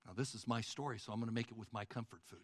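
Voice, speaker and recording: A man preaching a sermon, telling a story in a folksy, animated way and calling his listeners folks. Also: on the low side, racing, no room sound.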